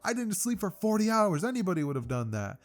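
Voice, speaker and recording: A man voicing an earnest, excitable teenage boy hero, pitched up and defensive. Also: fast.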